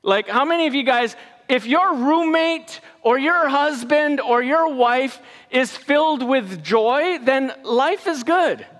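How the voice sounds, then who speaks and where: High-voiced pastor in reverberant hall. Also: male voice, expressive, slow, fairly bright tone. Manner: conversational, repeats words, leads congregation in recitation. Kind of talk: casual sermon.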